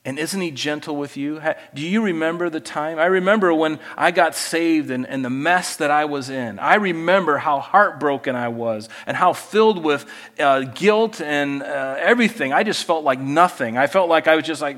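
With a slightly high voice at a moderate pace, a male pastor gives an expository sermon that has a big-room sound. He alternates between loud, emphatic scripture reading and quiet, conversational asides and rhetorical questions.

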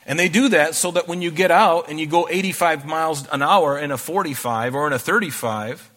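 A male pastor delivers a sermon, reading scripture passages aloud and then explaining them in a relaxed, conversational way. His voice is bright and forceful and sits a little high for a man. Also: a little fast.

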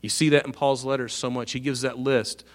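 A man of middle pitch preaching a sermon. He reads verses aloud with rising emphasis, then explains them in plain, earnest terms. He asks his listeners rhetorical questions along the way. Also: fairly even intonation, a little fast. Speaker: pastor. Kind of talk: sermon, reading and expounding scripture.

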